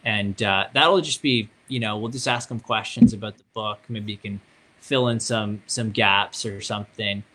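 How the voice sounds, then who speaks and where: A man with a Canadian accent hosts an easygoing book club discussion. His voice is bright and forward, and he talks in a light, joking way, padding his thoughts with ums and restarts. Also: fairly low pitch, fairly even intonation, normal speed. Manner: upbeat, joking, thinks aloud with fillers. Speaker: host. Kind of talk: casual book club chat.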